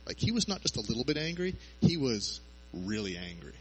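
A man's voice: medium pitch, very animated, brisk, a bit bright, breathy edge, poor audio. A man preaching a sermon in a conversational way, asking his listeners rhetorical questions.

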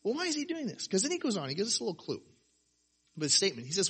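A man preaching a sermon, animated, firing off rhetorical questions and acting out quotes. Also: high-pitched, rapid-fire, husky. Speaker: pastor.

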